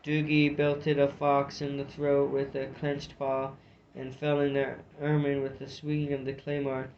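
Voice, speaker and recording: A man's voice: medium pitch, monotone, measured pace, darkish tone, a little hiss or hum. A man reading a fantasy storybook aloud, narrating with occasional slips and restarts. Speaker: audiobook reader. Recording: dull lo-fi recording.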